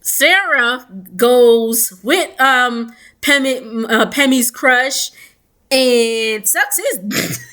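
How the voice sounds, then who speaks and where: A woman vlogger recapping a reality series in a casual chat, animated and laughing as she acts out what people said. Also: a little high, extremely slow. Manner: animated storytelling with quoted voices and laughter.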